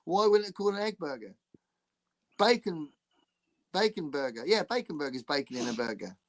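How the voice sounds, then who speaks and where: A man's voice: on the high side, moderate pace. A man from England, hosting a casual podcast chat over a video call, laughing often and restarting his sentences. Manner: laughs often, chatty and animated with frequent restarts. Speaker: podcast host.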